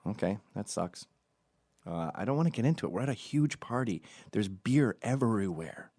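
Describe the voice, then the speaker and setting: A man's voice: on the low side, lively intonation, normal speed, mellow, dry recording, clean studio sound. A man hosting a podcast who talks through a casual comic monologue in a profane, rambling and sarcastic way.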